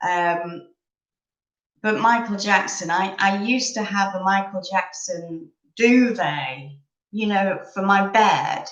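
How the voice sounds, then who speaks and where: Woman, 30s, from England; unhurried, rambling live-chat host; echoey room. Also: medium pitch, dull audio. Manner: chatty, rambling, sips coffee.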